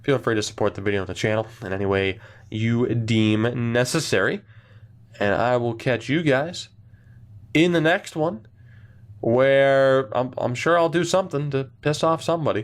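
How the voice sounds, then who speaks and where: A young man giving casual, blunt and sarcastic commentary while thinking aloud through a hockey management game. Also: medium pitch. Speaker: gaming channel host.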